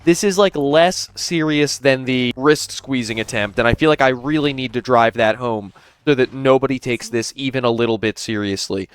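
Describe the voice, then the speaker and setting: A man's voice: medium pitch, moderate pace, smooth, no room sound. A man narrating a commentary video, explaining at length and sounding incredulous.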